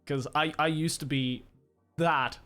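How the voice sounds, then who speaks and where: A man's voice: on the high side, steady tone, a little slow, bright, forceful tone, faint music behind. A young Australian man streaming in a studio, chatting casually and animatedly. He swears often and laughs a lot. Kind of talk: casual chat. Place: studio, indoors.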